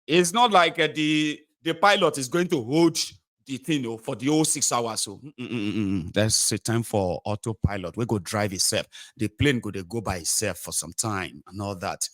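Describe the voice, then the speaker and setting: A man's voice: mid-range voice, normal speed, fairly bright tone, dry recording, studio quality. A Nigerian man giving mocking political commentary, switching between a plain talking voice and mocking voices for quotes. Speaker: commentary host.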